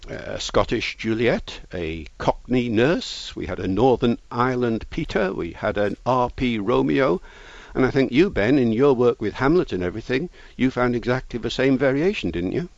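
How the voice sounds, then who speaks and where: A man, a language expert, explaining things in a measured, lecturing way during an interview. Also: mid-range voice, expressive, vocal fry, a little mellow, no echo. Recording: dull lo-fi recording.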